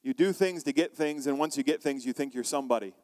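A man preaching a sermon as pastor, animated, acting out quoted voices and asking the congregation questions. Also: mid-range voice, fast, long reverb tail.

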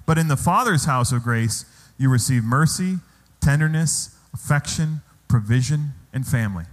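A man's voice: medium pitch, animated, normal speed. A man preaching a sermon as pastor in a church, asking the congregation rhetorical questions. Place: church hall. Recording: long hall reverb.

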